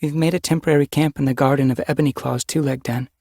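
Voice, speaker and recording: A hopeful, practical young she-cat apprentice speaks in a bright, encouraging way, as a male narrator plays her. Her voice sits well above the reader's own, with a slightly husky grain. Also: fairly high pitch, steady tone, fast talker, no room sound, clean studio sound, voice pushed up.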